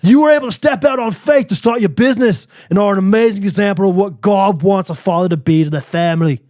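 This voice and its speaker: A man's voice: on the high side, expressive, brisk, a little mellow, voice pushed down. A man voicing a young male fan reading a heartfelt letter in an exaggerated put-on gritty London accent, laughing through it. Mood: earnest mock-read. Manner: over-the-top mock accent, laughing through it.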